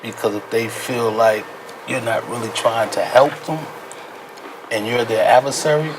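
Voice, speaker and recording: A man's voice: medium pitch, fairly even intonation, moderate pace. A man speaking as a counselor guest on a talk show, explaining in an earnest, supportive way. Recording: noticeable background noise.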